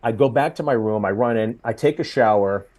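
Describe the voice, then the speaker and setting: A comedian in his forties telling a story in casual chat, getting loud and high when he acts out quotes. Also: fairly quick. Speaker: comedian guest.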